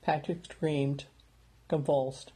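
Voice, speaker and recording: Mellow-voiced male storyteller. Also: on the high side, extremely slow. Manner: plain steady reading, small lifts for dialogue. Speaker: narrator. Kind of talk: audiobook narration.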